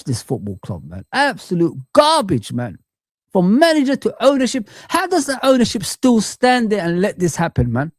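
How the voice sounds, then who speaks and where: A man streaming a frustrated football rant, shouting out viewers and calling them guys and man. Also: sits high, no echo, clean studio sound. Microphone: streaming mic.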